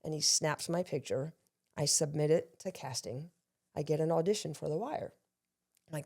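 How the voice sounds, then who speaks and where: A middle-aged woman from Maryland, a guest on an interview show, telling lively self-deprecating stories about her career. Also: sits low, moderate pace. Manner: lively, self-deprecating storyteller who acts out quotes. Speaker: guest, actor and law enforcement veteran. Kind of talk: casual storytelling interview.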